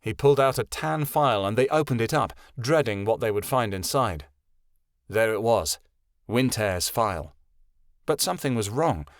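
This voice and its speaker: A man narrating a fantasy audiobook in a steady storytelling voice. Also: fairly low pitch, moderate pace, no room sound, clean studio sound. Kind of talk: scripted narration.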